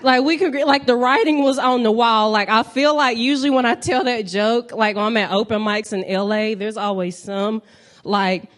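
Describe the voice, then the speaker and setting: A woman's voice: a little high, moderate pace. Southern-accented woman doing stand-up. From North Carolina. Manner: animated, crowd-work banter. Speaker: stand-up comedian. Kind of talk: stand-up set. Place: comedy club stage.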